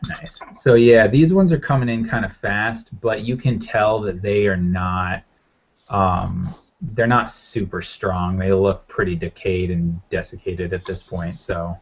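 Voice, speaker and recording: Low-voiced man running a tabletop game. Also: steady tone, a little slow, husky. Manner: loose, filler-heavy narration. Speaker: game master. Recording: muffled lo-fi audio.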